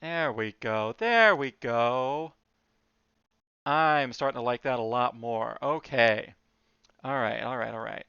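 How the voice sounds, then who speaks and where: Male streamer, smooth voice, rambling filler-heavy chatter, slightly dull mic. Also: medium pitch, fairly even intonation, unhurried, pushed and bright, no echo. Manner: chatty, lots of "like" fillers, muttered asides. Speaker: streamer drawing live. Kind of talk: casual rambling stream chat.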